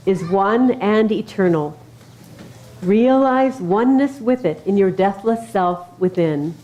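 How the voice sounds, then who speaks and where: A woman minister with a warm, mellow voice leads a service. She welcomes everyone and then reads scripture in a calm, measured and formal way. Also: medium pitch.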